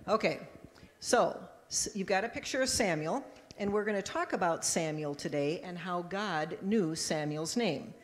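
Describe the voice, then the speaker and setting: A woman pastor giving a children's message in church, telling a story lively and acting out the voices, with a handheld microphone. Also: fairly low pitch, moderate pace, slight background noise. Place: church sanctuary. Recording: long church reverb.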